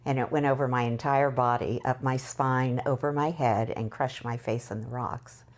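Woman, extremely low voice, reflective interview storytelling. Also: steady tone, moderate pace. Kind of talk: personal account in interview.

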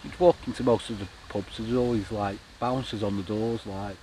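Mancunian middle-aged angler, rambling salty storyteller, outdoor lakeside noise behind him. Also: male voice, lowish voice, fairly even intonation, normal speed, dark tone. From Manchester, England. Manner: rambling, swearing, chuckling storyteller. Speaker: angling vlogger. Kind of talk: casual anecdote. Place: outdoors by a lake, boat noise nearby. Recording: noisy outdoor lakeside recording.

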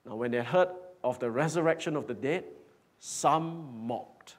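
A man preaching a sermon in a church hall, emphatic, swinging from loud declarations to hushed whispers. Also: mid-range voice, normal speed. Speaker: pastor.

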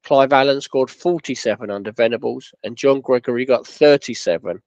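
A man narrating a football club history in a plain, steady storytelling way, with quoted dialogue. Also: mid-range voice, moderate pace, no echo, dull audio.

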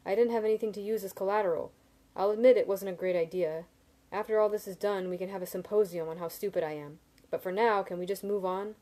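Brief: earnest young hero read by a woman, mellow lowish tone, a bit defensive. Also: quick pace, natural voice. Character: hot-headed young man, story's first-person hero.

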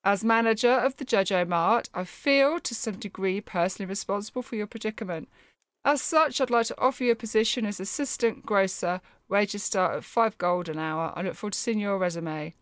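A woman's voice: mid-range voice, fairly quick, dry recording, close to an everyday voice. A woman reading out a snooty corporate store manager, in a formal, smug manner.

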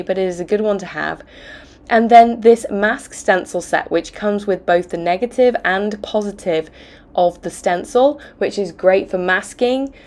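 A woman with a croaky voice from bronchitis, explaining a card-making project step by step in a tutorial voice-over. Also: lowish voice, a little mellow. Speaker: craft video host.

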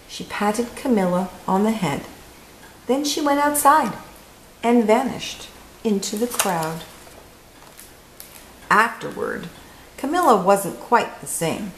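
A woman reading a children's picture book aloud as host, with expressive story-time delivery. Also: mid-range voice, slow pace, pauses often, a little hiss or hum. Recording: echoey room.

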